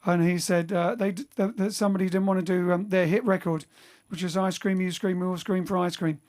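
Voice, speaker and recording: With a steady, darkish, high-pitched voice and a slightly fast delivery, a bandleader and singer hosts his band's livestream from home during lockdown. He chats and rambles casually between songs, correcting himself along the way.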